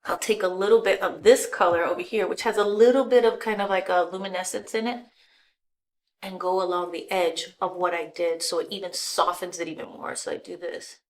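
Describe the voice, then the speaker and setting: A middle-aged woman giving a casual makeup tutorial, chatty and relaxed, walking through each step and sometimes dropping to a soft murmur as she works. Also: on the low side, brisk.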